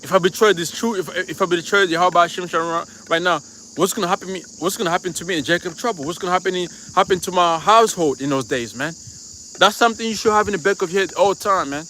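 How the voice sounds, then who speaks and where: A man with a high, bright, ringing voice preaches over a live stream. He talks loosely and profanely, full of asides to the listener, and faint crickets chirp outdoors behind him. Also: fast talker, slight background noise. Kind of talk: live-stream sermon with personal storytelling.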